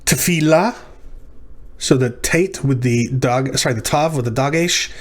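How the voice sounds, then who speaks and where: A man's voice: mid-range voice, a little slow. A man teaching a lecture on syllabification, working through words methodically and correcting himself as he goes. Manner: methodical, self-correcting explanations.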